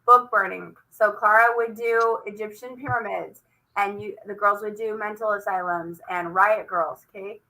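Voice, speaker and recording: Bright, lively woman teacher demonstrating. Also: mid-range voice, normal speed, poor audio. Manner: lively, coaxing, talks while clicking through a screen. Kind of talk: classroom demonstration over a video call.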